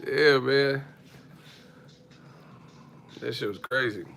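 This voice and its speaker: A man hosting a boxing livestream who tells stories in a loose, profane, animated way and laughs often. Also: medium pitch, very slow, vocal fry, a little hiss or hum. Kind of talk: casual livestream rant.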